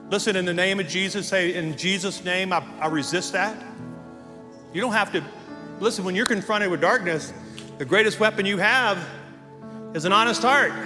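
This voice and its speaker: A man's voice: high voice, long reverb tail. A man preaching a sermon as pastor, telling a story and then leading prayer, from Texas. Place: church sanctuary.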